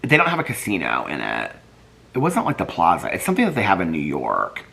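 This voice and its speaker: Here a man with a deep, soothing voice swings hugely in pitch, speaking briskly with a creaky, fairly bright tone. He's vlogging casually, going through viewer comments and musing aloud while looking things up, in a chatty, rambling way.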